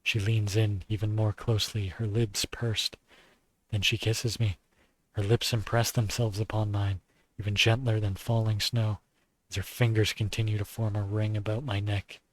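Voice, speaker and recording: A man's voice: lowish voice, little pitch movement, normal speed, dry recording, natural voice. A male streamer reading a visual novel aloud as its weary, despairing young male narrator, in a subdued and pained first-person voice. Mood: narrating. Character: weary, despairing young man being strangled.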